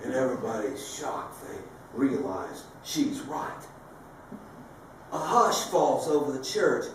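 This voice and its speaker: A man's voice: a little high, slight background noise. A man from south Louisiana, a preacher telling jokes with animation and laughing at his own punchlines. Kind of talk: comedic storytelling to a live audience. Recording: echoey hall from far off.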